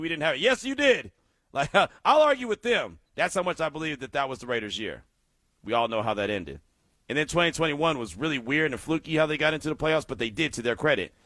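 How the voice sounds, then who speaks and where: A man hosting a call-in sports radio show, talking in an animated, emphatic way and laughing often. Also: medium pitch, no echo, studio quality.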